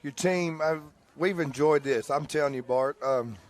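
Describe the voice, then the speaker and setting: A man commentator chatting excitedly after a high school football game. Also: moderate pace. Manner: excited, exclaiming. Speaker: broadcast commentator. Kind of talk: casual postgame chat.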